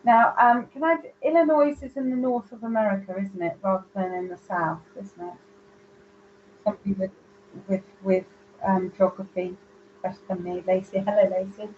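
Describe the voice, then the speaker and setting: A woman's voice: medium pitch, moderate pace, dull audio, a little hiss or hum. A woman giving live psychic readings, chatty and rambling as she searches for words. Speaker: psychic medium.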